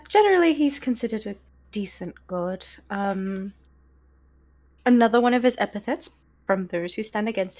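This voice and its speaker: A woman playing in a tabletop game, her voice at an ordinary middle pitch. She chats in a relaxed, easygoing way and trades dry banter with the others. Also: creaky. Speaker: player. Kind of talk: casual tabletop game chat.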